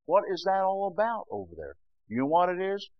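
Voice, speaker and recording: An older man preaching a fervent sermon that swings from low, quiet passages to loud, shouting peaks, often saying "bless God". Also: big pitch swings, brisk, no room sound, lo-fi sound.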